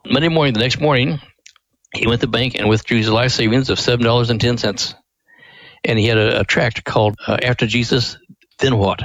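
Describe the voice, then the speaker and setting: A middle-pitched man tells a long family story in a folksy, earnest manner. He speaks as a radio interview guest, and the recording is dry and close. No room is heard around him. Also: steady tone, fairly quick, a bit bright, no echo, low-quality recording. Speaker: ministry director, guest.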